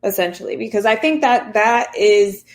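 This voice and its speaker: A woman's voice: mid-range voice, lively intonation, moderate pace. A woman co-hosting a casual talk podcast, giving advice and explaining with everyday comparisons. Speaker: podcast co-host. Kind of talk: casual chat.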